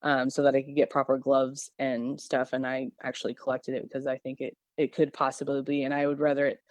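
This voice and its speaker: A woman's voice: very deep voice, monotone, fairly quick, no echo. Rambling woman telling a story, dry sound. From Missouri. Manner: rambling, with many fillers and restarts. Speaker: podcast guest telling an encounter. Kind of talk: casual storytelling.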